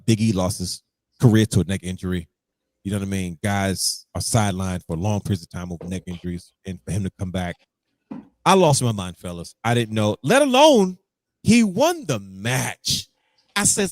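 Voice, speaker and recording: Man, podcast co-host, casual chat, lively swooping pitch, dry close sound. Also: brisk, no room sound. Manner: animated storytelling, acting out his own reactions.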